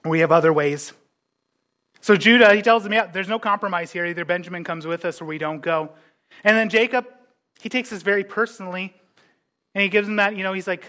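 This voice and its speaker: High-voiced man preaching a lively sermon. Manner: animated, acts out biblical characters' words; conversational, restarts and asides. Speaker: pastor.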